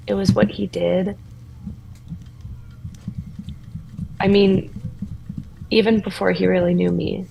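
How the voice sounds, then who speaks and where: A woman voicing a shy young female champion of a death goddess in a tabletop role-play, speaking haltingly with many restarts. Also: fairly low pitch, creaky, darkish tone, slight background noise, exaggerated voice, rough recording. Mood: tender.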